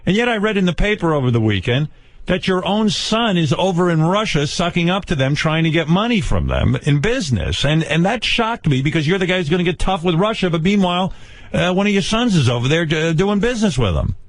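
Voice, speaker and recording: Male radio host, animated pitch, teasing questions, dry studio sound. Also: a little fast, no echo. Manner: teasing questions, frequent laughs. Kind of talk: radio interview.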